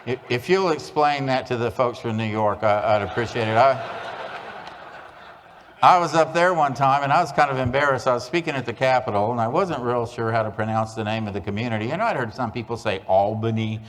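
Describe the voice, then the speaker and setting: A man gives a humorous keynote at a conference, spinning small-town jokes with deadpan timing. His voice sits in a middle register. A long hall reverb trails every line from the stage mic. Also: mid-range voice, a little fast, slight background noise. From Oklahoma. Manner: folksy joke-telling with deadpan punchlines. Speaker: conference speaker.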